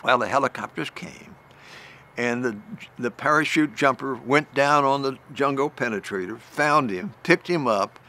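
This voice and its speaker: Older man, retired general, storytelling lecture, bright tone, restarts phrases, voice rises at tense moments. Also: mid-range voice, moderate pace. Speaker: retired general giving a presentation. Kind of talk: recorded talk, storytelling lecture.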